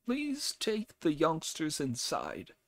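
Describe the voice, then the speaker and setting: A man voicing a timid, dim-eyed old male farmer who speaks slowly and wryly. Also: on the high side, wildly swooping pitch, gravelly, fairly bright tone, dry recording, pitched above the performer's own voice, exaggerated voice. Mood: soothing.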